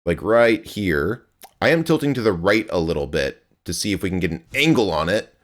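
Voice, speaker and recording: A man's voice: low-pitched, very animated, normal speed. A young man streaming a game live, chatting with his viewers in a rambling, playful way and grunting as he plays.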